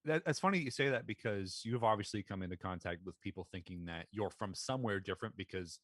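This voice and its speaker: A man from Pennsylvania with an American accent, co-hosting a podcast in relaxed, rambling casual chat full of fillers. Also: lowish voice, quick pace, no echo. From Pennsylvania, USA. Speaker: podcast co-host.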